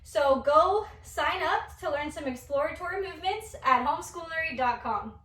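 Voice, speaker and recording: A young woman teaching dance to little kids, her high, bright voice coaxing and lively. She stands back from the mic in an echoey room, so the sound carries a roomy ring. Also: normal speed, recorded from a distance. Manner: animated, coaxing, speaking to young children. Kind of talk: kids' movement class demonstration.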